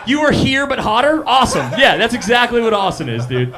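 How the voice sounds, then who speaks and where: A man's voice: extremely high pitch, big pitch swings, brisk. A young man performing a live stand-up set, chatting casually with the crowd in a self-deprecating way. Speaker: stand-up comedian. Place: live comedy cafe stage.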